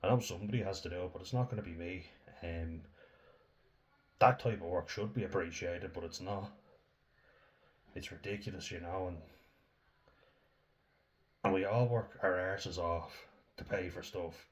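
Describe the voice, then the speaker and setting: A man's voice: deep voice, moderate pace, long pauses. A young Irish man from Dublin ranting casually to camera, blunt, swearing freely and laughing as he rambles.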